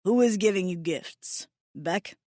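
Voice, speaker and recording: A woman's voice: fairly low pitch, takes it slowly, mellow, no room sound, clean studio sound. Woman voicing a stern blue alien warrior. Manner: terse, formal speech without contractions.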